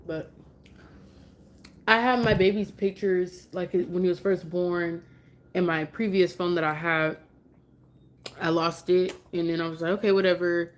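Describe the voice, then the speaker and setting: Woman, low-ish voice, chatty mom on a live stream, emotional and sing-song with her kid. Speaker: mother live-streaming at home. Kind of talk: casual live-stream chat.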